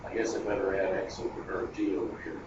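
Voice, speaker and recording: A man's voice: low voice, little pitch movement, fast. A man giving a math lecture at a board, chatty and digressive, thinking aloud as he goes. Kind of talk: classroom lecture. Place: classroom. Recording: echoey classroom, distant lo-fi mic, noisy.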